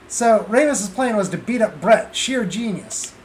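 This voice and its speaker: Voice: mid-range voice, sing-song, a little slow, hardly any pauses, reverberant. A streamer playing through a game, making dry, offhand remarks in casual commentary.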